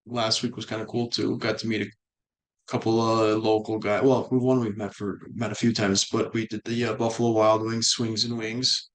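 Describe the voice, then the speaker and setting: A man from Minnesota co-hosting a golf podcast, easygoing and agreeable in casual chat, often trailing off quietly. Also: fairly low pitch, flat delivery, moderate pace. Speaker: podcast co-host.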